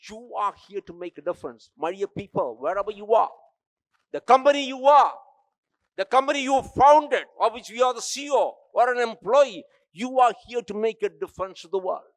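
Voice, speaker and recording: A man's voice: high voice, lively intonation, normal speed, no room sound. An older man from India with an Indian accent, giving an emphatic, exhorting motivational keynote speech that addresses the crowd directly. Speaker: keynote speaker.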